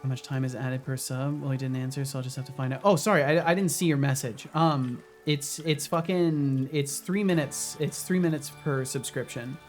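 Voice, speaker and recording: A man's voice: medium pitch, steady tone, moderate pace, hardly any pauses, faint music behind. A man live-streaming a video game, chatting casually with his viewers and swearing often. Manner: swears often, talks to chat while playing.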